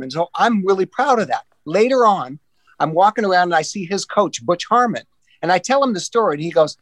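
A man with a high voice tells casual golf anecdotes at a fairly quick clip, animatedly acting out the voices of the people involved. He restarts often, and the recording has no echo.

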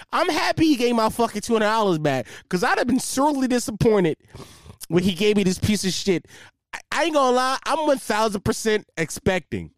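A man's voice: high-pitched, dry recording, clean studio sound. A young man hosting a casual solo podcast, talking in a profane, rambling way and losing his train of thought. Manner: profane, rambling, loses track, animated storyteller. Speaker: podcast host.

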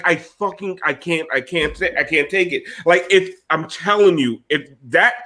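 Podcast host, male, high and sharp, profane furious sports rant. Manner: furious, cursing, shouting at referees and fans.

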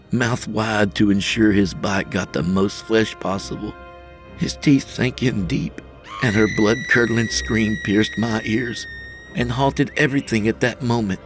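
A man narrating a first-person horror story as podcast host, measured and tense. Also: fairly low pitch.

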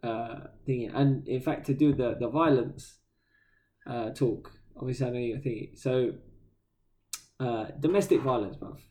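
A man's voice: medium pitch, unhurried, warm tone. A man, telling stories animatedly in casual chat, with slang and swearing, as a podcast co-host.

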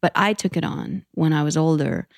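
A woman in her late thirties, a podcast guest talking candidly and with profanity, telling animated personal stories. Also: low voice, normal speed, vocal fry, no echo, clean studio sound. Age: 30s. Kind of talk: casual podcast conversation.

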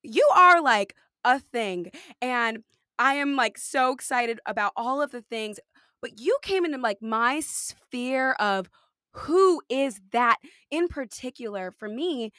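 A woman's voice: on the high side, animated, slow pace, sharp tone, no room sound, clean studio sound. A young adult woman hosting a podcast, chatting casually with lots of fillers and laughter. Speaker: podcast host. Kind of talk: casual conversation.

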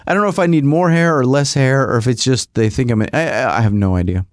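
A man's voice: quick pace, no room sound, clean studio sound. A man hosting his own podcast, rambling through a casual monologue with self-mocking asides. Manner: rambling, self-mocking, mimics agency people in a higher voice. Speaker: podcast host.

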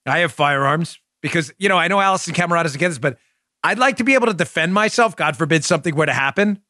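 Bright, high-voiced sarcastic male host. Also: expressive, quick pace, dry recording, studio quality. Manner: mocking, acts out scenes in mimicked voices. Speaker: political talk show host. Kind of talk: sarcastic political commentary.

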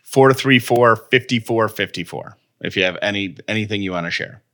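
A man's voice: on the low side, moderate pace, fairly bright tone. A man co-hosting a podcast in casual chat, rambling and interrupting himself. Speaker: podcast co-host.

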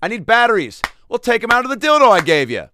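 A man impersonating a sleazy male TV anchor who complains in a high, whiny voice. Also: big pitch swings, quick pace, background noise.

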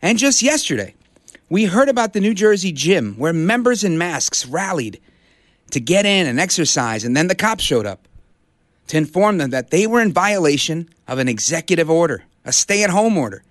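A man's voice: fairly high pitch, big pitch swings, normal speed, dry recording, clean studio sound. A middle-aged man from Brooklyn hosting a conservative talk radio show, delivering an impassioned, rallying monologue. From Brooklyn, New York. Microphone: studio broadcast mic.

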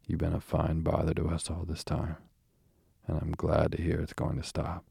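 A man's voice: extremely low pitch, monotone, creaky, mellow, breathy edge, dry recording, studio quality, heavily acted. A man reading the part of a cheerful, practical water rat who talks heartily to his friend. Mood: hearty. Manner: hearty, brisk.

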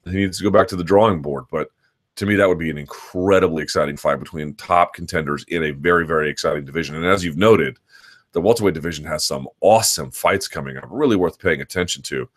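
Deep-voiced man analyzing fights, thinking aloud. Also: quick pace. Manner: analytical, talks in long, looping sentences with restarts. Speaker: host of a combat sports live chat. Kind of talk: unscripted live-stream commentary.

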